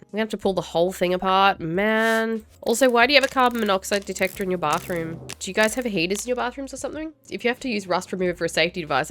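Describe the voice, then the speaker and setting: An Australian woman narrates her gameplay in a casual, chatty way. Her voice sits a little low, and she keeps up a self-deprecating running commentary as she works. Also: fairly bright tone. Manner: chatty, self-deprecating, talks to herself while playing. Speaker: gaming YouTuber.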